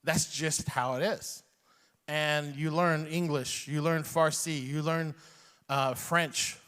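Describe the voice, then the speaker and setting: A man's voice: a little high, fairly even intonation, slow, a bit bright, clean tone, big-room sound. A man in his forties, from Iran, a comedian telling a rambling personal story with chuckles and acted-out quotes. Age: 40s.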